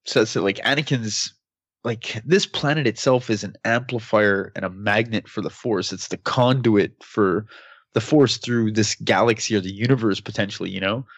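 A man's voice: lowish voice, normal speed, slightly rough, no echo. A man talking casually and with enthusiasm, rambling and often saying "man" and "like". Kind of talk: casual discussion.

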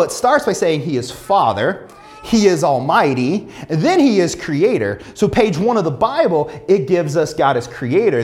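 A man's voice: a little high, darkish tone. A young man preaching a sermon as pastor, speaking conversationally and addressing the congregation directly.

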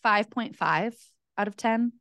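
A woman's voice: mid-range voice, unhurried, a bit bright, no room sound. A woman co-hosting a podcast, talking sports in an easygoing, agreeable, analytical way. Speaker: podcast co-host. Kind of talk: casual sports chat.

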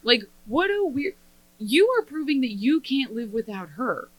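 A woman co-hosting a podcast in casual chat, sarcastic and expressive. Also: high-pitched, unhurried, low-quality recording. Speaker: podcast co-host.

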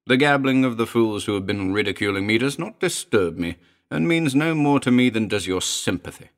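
A man's voice: medium pitch, lively intonation, brisk, close to an everyday voice. A man voicing a proud, mocking male scientist in an audiobook, speaking with scorn and laughter in his voice. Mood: scornful. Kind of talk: audiobook character voice.

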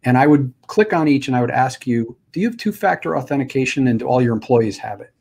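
Male host, mid-pitched everyday voice, relaxed and loose, explaining things in an unscripted chat. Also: fast talker. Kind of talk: casual conversation.

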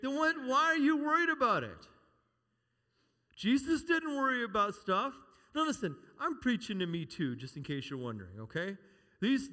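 Middle-aged man, animated pastor, bright high voice, humorous stories, big echoing hall. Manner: animated, playful, calls out to the congregation. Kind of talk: sermon with humorous personal stories. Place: church sanctuary. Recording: long reverb of a large hall.

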